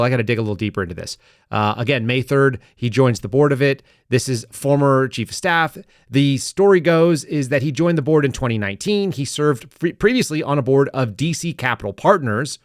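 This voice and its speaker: A man's voice: mid-range voice, no room sound, studio quality. A man hosting a podcast, delivering sarcastic, rambling political commentary with frequent restarts. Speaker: podcast host.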